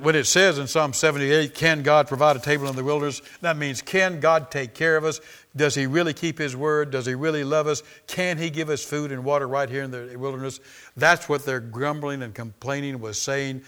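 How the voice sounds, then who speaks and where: A man's voice: medium pitch, sharp tone. A man preaching a sermon as pastor, emphatic and repetitive, calling out to the congregation for amens.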